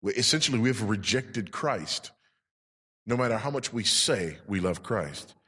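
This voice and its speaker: A man's voice: lowish voice, lively intonation, normal speed, sharp tone, breathy edge. A male pastor preaching a sermon with emphasis, putting rhetorical questions to his congregation. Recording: long reverb in a large hall.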